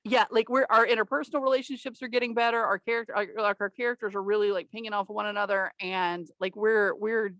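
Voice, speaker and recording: A woman chatting casually as a podcast guest, blunt and quick to laugh, swearing freely. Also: medium pitch, steady tone, a bit bright, no echo. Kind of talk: casual chat.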